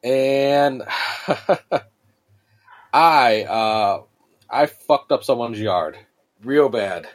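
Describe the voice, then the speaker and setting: A man's voice: mid-range voice, extremely slow, long pauses. A man in his thirties, a podcast co-host, casually telling a long story, rambling and swearing freely with many restarts. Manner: rambling and profane, with frequent restarts and fillers.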